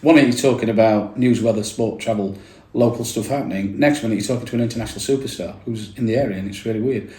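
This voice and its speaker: A man, a radio presenter chatting casually in an interview, jokey and quick with asides. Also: fairly low pitch, warm tone. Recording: echoey room.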